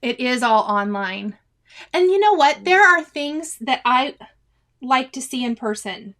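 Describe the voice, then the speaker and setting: A woman's voice: sits high, animated, unhurried, fairly bright tone. A woman in her forties hosting a cross-stitch livestream, chatting casually and reading viewers' comments with frequent laughs and exclamations.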